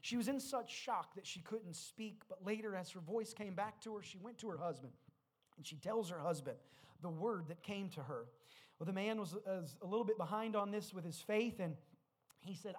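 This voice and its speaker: A man's voice: high-pitched, moderate pace. A man preaching a sermon, who moves between retelling Bible stories and rising exhortation, often repeating words as he restarts. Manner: builds from storytelling to loud exhortation. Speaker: pastor.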